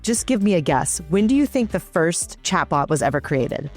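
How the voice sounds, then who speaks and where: A woman's voice: on the low side, very animated, moderate pace, darkish tone, faint music behind. A woman co-hosting a podcast in an upbeat, chatty way, presenting a scripted segment. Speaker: podcast co-host.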